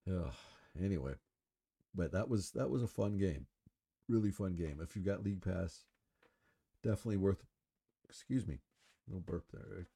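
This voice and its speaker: Very deep, dark-voiced man rambling casually. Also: normal speed, gravelly, pauses often, breathy edge. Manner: rambling, full of fillers and swearing; relaxed, smoking while talking. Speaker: podcast host. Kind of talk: casual solo sports talk.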